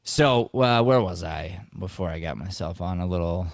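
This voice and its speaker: A man's voice: sits low, moderate pace, creaky, no room sound, clean studio sound. A man in his thirties hosting a podcast, chatting casually and acting out the lines of people in his stories. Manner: animated storyteller acting out quoted lines. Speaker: podcast host. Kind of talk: casual talk on acting and life.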